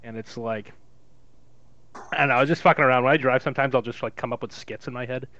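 A young man telling stories in a crude, lively way in casual podcast chat. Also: medium pitch, fast talker, no room sound. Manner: crude, swearing, lively storyteller. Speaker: podcast co-host. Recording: dull dry lo-fi sound.

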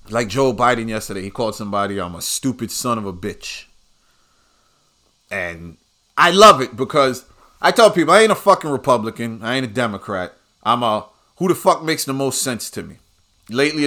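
Man, bright tone, profane rant, combative, swearing, podcast host. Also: lowish voice. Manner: crude, combative, swearing freely.

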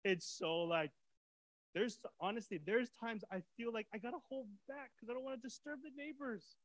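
High-voiced animated male preacher. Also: moderate pace, rough recording. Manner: animated, swings from soft to shouting; casual preacher's talk with fillers and repeats. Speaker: pastor. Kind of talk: sermon.

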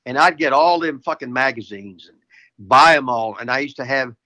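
A man's voice: mid-range voice, moderate pace, sharp tone. An older American man, a retired wrestler, telling rowdy stories as a guest, swearing constantly and laughing mid-sentence. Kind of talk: profane casual storytelling.

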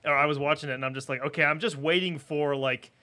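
Bright, slightly high man, loose and profane. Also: steady tone, fast. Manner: loose, swears freely, many restarts. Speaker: podcast co-host. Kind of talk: casual film discussion.

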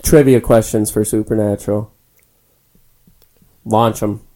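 Chatting casually as a podcast co-host, a young man swears freely and keeps things laid-back from a small spare-room home studio. He has a fairly low, dark voice with a steady tone and a measured pace.

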